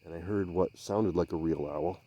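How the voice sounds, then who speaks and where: A man investigating the woods by a swamp at night, speaking in a hushed, halting, searching way and sometimes calling out loudly. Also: sits low, breathy edge, no room sound, dull audio. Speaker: field investigator. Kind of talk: night field investigation commentary.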